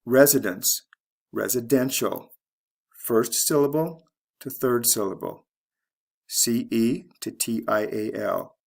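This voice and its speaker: A man teaching English pronunciation, explaining word stress slowly and deliberately and spelling out letters one by one. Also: mid-range voice, animated, vocal fry. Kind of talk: slow instructional explanation.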